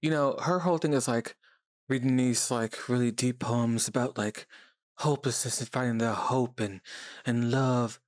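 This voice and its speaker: A man hosting a casual reaction video, chatting and laughing as he mimics characters in quick asides. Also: medium pitch, fairly even intonation.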